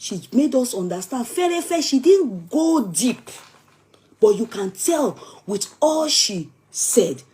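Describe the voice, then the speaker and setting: A woman with a Nigerian accent hosting a gossip stream, dramatic and animated, arguing back at viewers' comments. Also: on the high side, takes it slowly. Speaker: gossip channel host. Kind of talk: live chat commentary.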